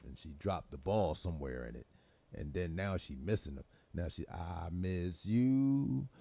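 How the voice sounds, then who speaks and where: A man's voice: a bass voice, darkish tone, slightly rough. A young man hosting a livestream, reacting to clips in loose, laughing talk full of swearing. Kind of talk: casual profane reaction commentary.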